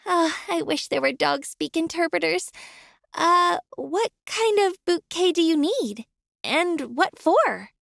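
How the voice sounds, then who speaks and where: A woman's voice: very high-pitched, expressive, takes it slowly, creaky, fairly bright tone, no room sound, studio quality, exaggerated voice. A young woman voicing a kind florist in a game, friendly and chatty with her customers. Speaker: florist shopkeeper. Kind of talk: game voice acting.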